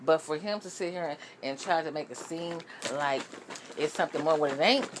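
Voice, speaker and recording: Low-voiced woman host, blunt and profane. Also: brisk, background noise. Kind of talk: casual reaction commentary.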